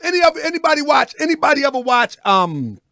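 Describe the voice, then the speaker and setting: A man's voice: very high voice, sing-song, fast talker, pushed and bright, dry recording. A man hosting a live online commentary show, preaching in a repetitive way, calling his viewers family and often asking if they follow him. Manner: preachy, repeats phrases, asks "you know what I mean?". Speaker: host.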